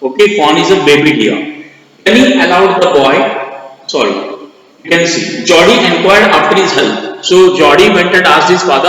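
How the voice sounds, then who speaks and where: A man's voice: a little high, lively intonation, moderate pace, a bit bright. A male teacher giving a recorded lesson. He asks and answers his own questions, repeats key points and spells out words letter by letter. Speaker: English teacher. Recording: very echoey hall, long reverb.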